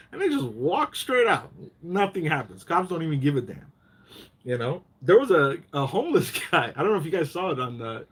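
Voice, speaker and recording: A man's voice: fairly high pitch, breathy edge. A man hosting a casual live chat, telling rambling stories full of profanity and getting worked up.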